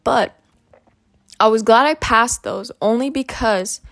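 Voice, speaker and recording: A woman's voice: a little high, slow pace, a bit bright, no echo, studio quality. A young woman from Arizona hosting a solo podcast, ranting heatedly and profanely, repeating her points for emphasis. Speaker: podcast host.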